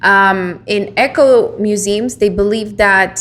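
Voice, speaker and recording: A woman's voice: medium pitch, slow pace, a bit bright, slight background noise. A woman co-hosting a casual podcast, explaining at length with many fillers, restarts and "you know?" check-ins. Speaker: podcast co-host.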